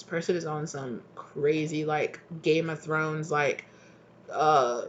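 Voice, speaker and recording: A tarot reader giving a rambling, animated channeled reading, acting out little dialogues. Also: mid-range voice, slow, lo-fi sound, a little hiss or hum.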